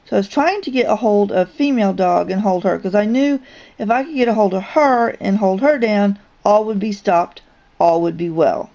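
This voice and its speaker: Woman vlogger, dark mellow tone, casual and rambling storyteller, full of ums and restarts. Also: mid-range voice, moderate pace, vocal fry. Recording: dull lo-fi recording.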